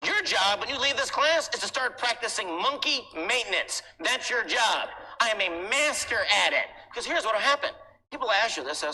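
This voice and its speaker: Lively, emphatic male instructor telling a story to a class; echoey hall recording with audible noise. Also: high voice, normal speed. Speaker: real estate instructor. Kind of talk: animated storytelling lecture. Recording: echoey hall, noisy background.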